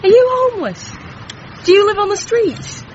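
A woman's voice: very high voice, sing-song, normal speed, darkish tone, a little hiss or hum. A woman playing a sulky, self-pitying young woman who is secretly a vampire, on a dull lo-fi recording. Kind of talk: radio comedy acting.

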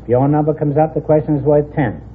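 A man's voice: on the high side, fairly even intonation, fast talker. A man hosting a 1950s radio quiz show, wisecracking and teasing the contestants. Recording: tinny old radio broadcast with hiss.

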